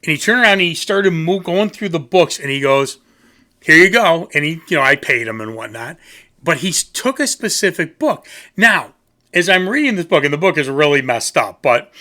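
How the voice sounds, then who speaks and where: A rambling, goofy man talks casually about music. His voice sits a little high and sounds bright and forward. He keeps making fun of himself as he goes. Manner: rambling, goofy, self-mocking. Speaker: music reviewer. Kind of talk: casual rambling video talk.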